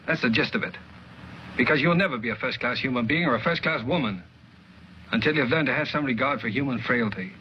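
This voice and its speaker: A man's voice: mid-range voice, close to an everyday voice. An actor with a Mid-Atlantic accent playing a stern man who lectures a proud woman, in 1940s film acting. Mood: reproachful. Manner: measured, reproachful delivery. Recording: dull old film soundtrack with hiss.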